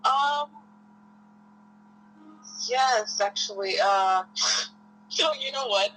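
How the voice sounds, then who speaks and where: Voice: medium pitch, extremely slow, pushed and bright, slight background noise, rough recording. A caller on a livestream who chats casually, giggling and hesitating with many fillers. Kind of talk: casual call-in chat. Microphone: headphones on a call.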